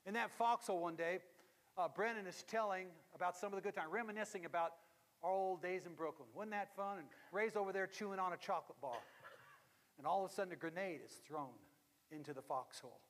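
High-voiced pastor in an echoing hall. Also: male voice, brisk. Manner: dramatic, drops to hushed tones for emphasis. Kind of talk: storytelling sermon. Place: church sanctuary. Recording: long reverb of a large hall.

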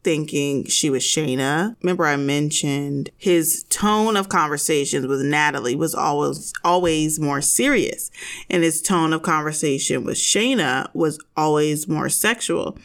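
A woman's voice: low-pitched, unhurried. A woman hosting a podcast, chatting casually about a TV show with sassy, opinionated asides. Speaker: podcast host. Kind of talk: casual TV recap chat.

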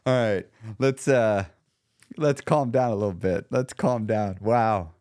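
A man's voice: fairly low pitch, slow pace, dry recording, clean studio sound. A middle-aged man hosting a solo weight loss podcast, talking casually and getting worked up into rants. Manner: excitable, gets worked up and rants.

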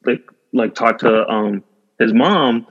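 A man hosts a podcast in easygoing chat, with a mid-pitched voice. He talks enthusiastically, piling on fillers. The recording sounds a little dull and lo-fi. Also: takes it slowly, slightly rough. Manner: enthusiastic, laughing, full of fillers and "like". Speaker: podcast host. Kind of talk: casual chat.

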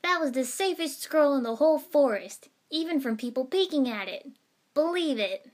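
A woman reading a story aloud, voicing a loud, excitable boy ninja who shouts and boasts. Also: a little high, a little slow, close to an everyday voice. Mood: excited.

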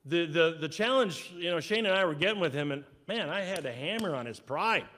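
A male pastor preaching a sermon in a church. He is animated, acting out quoted voices and swinging from loud bursts down to quiet asides. His voice sits a little higher than most men's. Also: a little fast. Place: church sanctuary.

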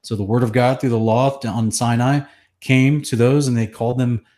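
A man earnestly teaching scripture in conversation, citing verses rapidly with chapter and number. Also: medium pitch, steady tone, warm tone. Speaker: Bible teacher.

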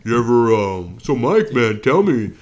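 A man's voice: mid-range voice, big pitch swings, unhurried, darkish tone. A man impersonating a laid-back former football player who drawls and keeps saying "man". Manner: drawling, says "man" constantly.

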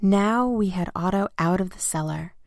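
A woman reading a children's storybook aloud in the first person, simple and expressive. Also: medium pitch, moderate pace, vocal fry, dry recording, studio quality. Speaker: narrator.

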